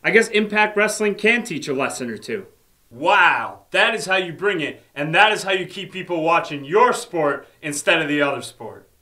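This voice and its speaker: A man's voice: a little high, expressive, moderate pace, pushed and bright. A man hosting a comedic wrestling commentary show, sardonic and mock-arrogant. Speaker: host.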